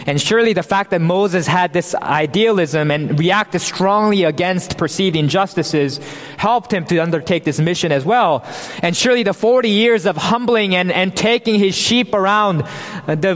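A man with a high voice preaches a sermon, earnest and emphatic in his delivery. His words ring out with a long reverb, as if in a large church hall. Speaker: pastor.

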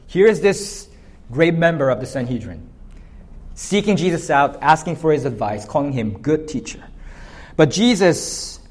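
A male pastor preaching an expository sermon, lifting his voice on emphatic points. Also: a little high.

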